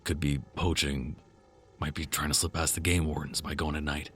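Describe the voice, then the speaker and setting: A man voicing a pragmatic young man in a horror story, speaking low and measured. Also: little pitch movement, a bit bright, husky, exaggerated voice. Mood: reasoning.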